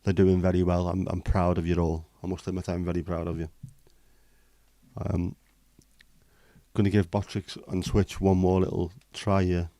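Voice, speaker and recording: Deep, flat-voiced man chatting. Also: normal speed, no echo. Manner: rambling, jokey, chatting to viewers. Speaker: livestream host. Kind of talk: casual livestream chat.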